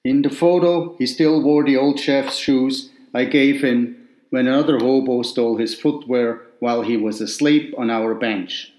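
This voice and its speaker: A man reading a first-person memoir aloud in a measured, wry storytelling manner, recorded with a roomy echo. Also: mid-range voice, a little mellow.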